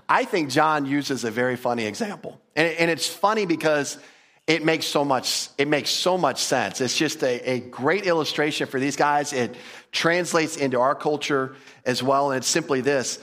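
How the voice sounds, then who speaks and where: A man teaching a Bible passage in a lively, conversational way, often repeating words and putting questions to his listeners. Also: a little high, normal speed. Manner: animated, enthusiastic, repeats words, asks the audience questions.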